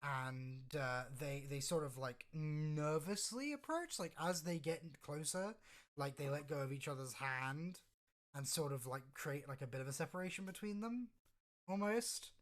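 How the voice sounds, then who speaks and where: A woman's voice: sits low, lively intonation, unhurried. A woman game master narrating a tabletop game, rambling and hesitant with many fillers and restarts.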